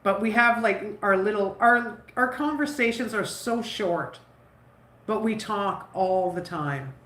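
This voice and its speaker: A woman with a stuffy nose rambles casually to her viewers while she bakes. Her talk wanders, peppered with "like," in a middle pitch. The room around her rings with echo. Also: takes it slowly. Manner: rambling, chatty, warm toward her son, many "like"s. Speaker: vlogger. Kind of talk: casual chat while cooking. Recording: roomy echo.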